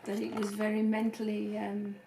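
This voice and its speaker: A woman's voice: medium pitch, monotone, moderate pace, gravelly, mellow. A middle-aged woman, a mother, chatting casually in a plain-spoken, reassuring way. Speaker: vlogger's mother. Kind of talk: casual chat. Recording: echoey room with faint noise.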